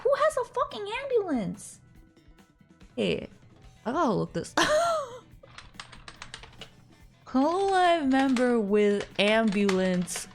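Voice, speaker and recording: High, wildly animated woman streamer. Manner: animated, exclaiming in disbelief. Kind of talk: casual live-stream chatter.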